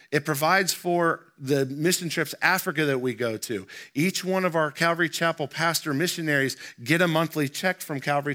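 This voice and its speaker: A man preaching a sermon as pastor, emphatic and full of rhetorical questions to the congregation, slowing down when he reads scripture aloud. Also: a little high, bright, forceful tone. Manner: slows down to read scripture aloud.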